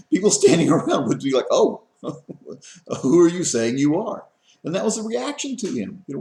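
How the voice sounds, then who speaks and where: A man's voice: medium pitch, gravelly, darkish tone, echoey room. A man giving a college lecture in a conversational way, full of fillers and restarts. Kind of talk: classroom lecture. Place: lecture room.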